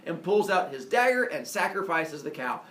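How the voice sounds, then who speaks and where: A man casually retelling a myth as a comedy story, animated, with jokey asides and lots of fillers. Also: fairly high pitch, moderate pace. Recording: echoey room, mic far off.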